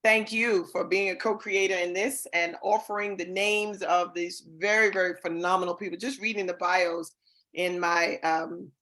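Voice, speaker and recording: A woman's voice: on the low side, steady tone, moderate pace, sharp tone. A woman hosting an online awards show, enthusiastic and chatty, with many fillers. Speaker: host.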